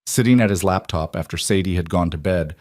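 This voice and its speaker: A man narrating an emotional story in a calm, measured, scripted reading. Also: sits low, dry recording, clean studio sound.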